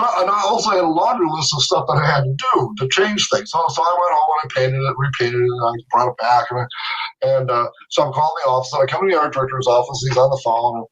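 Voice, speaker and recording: A middle-aged man telling stories as a guest in a casual interview, animated, laughing often and acting out what others said. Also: mid-range voice, husky. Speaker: guest artist. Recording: distant from the mic.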